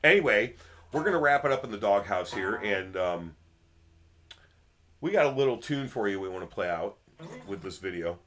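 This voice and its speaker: A man's voice: on the low side, animated, normal speed, pauses often, fairly bright tone. A man chatting casually as co-host of a band's show, rambling with many fillers. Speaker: band member and co-host. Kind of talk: casual chat.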